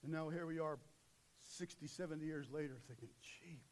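A man preaching a sermon, swinging between loud urgent passages and low, quiet intensity. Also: brisk, slight background noise.

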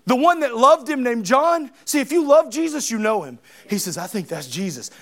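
A middle-aged man with a strikingly high voice preaches a sermon. He is animated and dramatic, slipping into the voices of Bible characters as he tells their stories. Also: moderate pace.

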